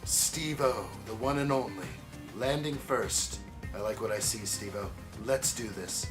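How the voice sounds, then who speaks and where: With music in the background, a man whose voice sits on the low side speaks a little slowly, hosting a casual building stream and greeting viewers by name in an upbeat way.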